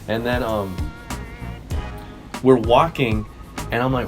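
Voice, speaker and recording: A man's voice: medium pitch, steady tone, slow pace, long pauses, music in the background. A young man co-hosting a podcast, telling stories in a loose, rambling way with swearing and self-corrections. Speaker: podcast co-host. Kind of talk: casual chat.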